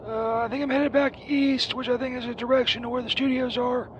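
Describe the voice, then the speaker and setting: A crude, hapless saint with a strikingly high, squeaky voice that rambles and curses, easily set off into rage. He is calling from a half-broken street phone booth. The sound is a muffled phone line with faint hiss. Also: flat delivery, a little fast, fairly bright tone. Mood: rambling. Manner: rambling, profane, easily enraged. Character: crude, hapless grown male saint stranded on the road.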